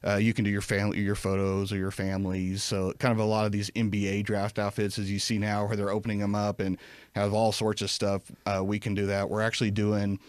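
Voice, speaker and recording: A man's voice: fairly low pitch, monotone, brisk, clear, resonant tone, no room sound. A man talking as a podcast guest in casual chat, rambling with many fillers and restarts. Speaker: podcast guest, event company president.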